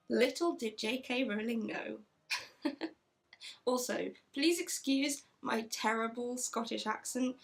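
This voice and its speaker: A woman's voice: a little high, takes it slowly, vocal fry. A woman chatting enthusiastically in a casual book review, reading passages aloud. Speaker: book vlogger.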